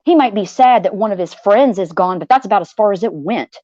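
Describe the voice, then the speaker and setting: A woman venting to her livestream viewers, blunt and heated, swearing freely and circling back to the same phrases. Her voice sits at a middling pitch. The audio is slightly dull and dry. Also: expressive, brisk, warm tone, dry recording. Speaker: livestream host. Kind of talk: venting personal story to viewers.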